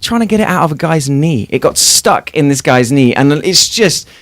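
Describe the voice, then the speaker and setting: A man's voice: on the high side, dry recording. A man in his thirties from England, with an English accent drifted toward American, telling stories as a guest in a radio studio. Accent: English mixed with American. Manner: lively storyteller, quick animated talk. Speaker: TV show host, guest. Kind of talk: radio interview. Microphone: studio microphone.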